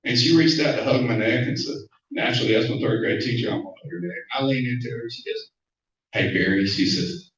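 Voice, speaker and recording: A man's voice: medium pitch, quick pace, fairly bright tone. A man with an Alabama Southern accent tells stories to a club audience in an easy, conversational way, often stumbling over the first words of a sentence. He is far from the mic in a very echoey room, and the sound is a bit dull. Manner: conversational storytelling, repeats words at starts. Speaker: congressman speaking as guest. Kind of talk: folksy speech with anecdotes. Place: meeting room at a club luncheon.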